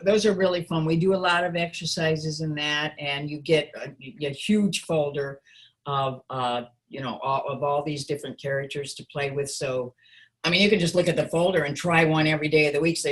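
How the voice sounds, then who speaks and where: A woman voice actress and coach chatting casually in an interview, relaxed and playful, with plenty of fillers. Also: low voice, brisk.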